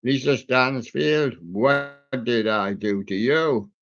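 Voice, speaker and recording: A man's voice: mid-range voice, slow pace, a bit bright. A man hosting a live music stream, joking and punning on song titles as he goes. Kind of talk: playful music chat. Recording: dull lo-fi sound.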